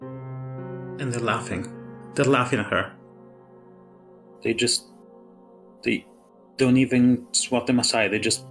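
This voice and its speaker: A man playing a tabletop game, describing his character's scene in halting phrases. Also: mid-range voice. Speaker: player.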